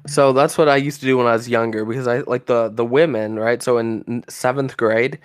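A man's voice: medium pitch, steady tone, brisk, clean tone, no room sound, clean studio sound. Rambling young American man on a call. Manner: rambling storyteller who laughs at his own tales. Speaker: livestream guest. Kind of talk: casual chat over a voice call.

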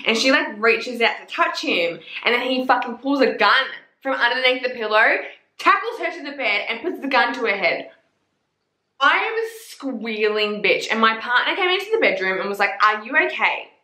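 A woman's voice: on the high side, animated, a little fast, bright, forceful tone. A young woman reviewing books in a casual chat, gushing and swearing a lot, with plenty of "like" fillers. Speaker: book reviewer. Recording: echoey room.

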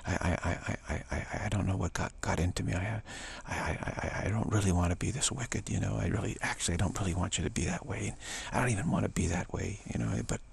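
A man voicing a group of worldly wicked women who plead and stammer, with a gravelly, husky voice. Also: deep voice, fast, hardly any pauses, full character voice. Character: worldly wicked women, pushy then remorseful.

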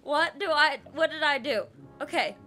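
A young woman streaming a video game, loudly and excitedly giving her partner step-by-step instructions and laughing often. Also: sits high, normal speed, faint music behind. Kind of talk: casual gameplay chat.

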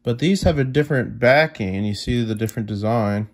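A man's voice: medium pitch, brisk. A young man with a mid-range voice chats casually to his audience. He is easily impressed and keeps turning to his viewers with questions and exclamations. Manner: chatty, easily amazed, talks to viewers directly. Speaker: coin collecting vlogger. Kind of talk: casual unboxing chat to viewers.

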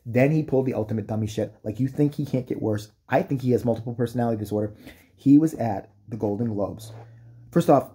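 A man's voice: mid-range voice, fast, warm tone, slightly rough. A man delivering a profane, mocking comedic rant, breaking into exaggerated impressions. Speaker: comedic commentator. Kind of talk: ranting comedic commentary.

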